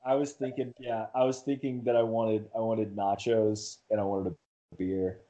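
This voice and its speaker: A man's voice: lowish voice, level tone, normal speed, warm tone, highs cut off. A man talking as a podcast guest, chatting casually and rambling with many fillers and restarts. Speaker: podcast guest, marathon runner. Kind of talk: casual conversation.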